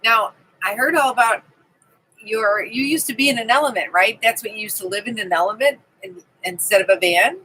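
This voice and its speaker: A woman's voice: fairly high pitch, a little fast, sharp tone, slightly rough, poor audio. A woman hosting a casual live stream from her camping trailer, chatting and greeting viewers by name. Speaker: livestream host.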